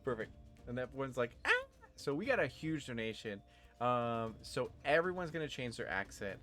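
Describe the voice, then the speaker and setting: A man's voice: mid-range voice, expressive, normal speed, a bit bright, faint music behind. Easygoing male game master. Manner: laughs often, easygoing. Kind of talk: narrating a tabletop game.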